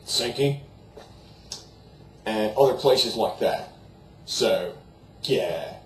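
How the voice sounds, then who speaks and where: A man's voice: lowish voice, animated, very slow. A young man putting on a goofy, dim-witted young guy who rants in a crude, profane slacker drawl. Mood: ranting. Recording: roomy echo, faint background noise.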